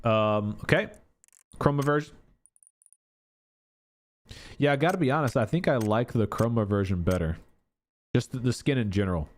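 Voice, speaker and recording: A man talking through a game update at an easy, unhurried pace, thinking aloud as he goes. His voice sits at an ordinary middle pitch, and he fills his sentences with loose, chatty asides. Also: animated. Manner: thinking aloud, chatty, fond of filler words. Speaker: gaming YouTuber. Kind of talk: casual gameplay commentary.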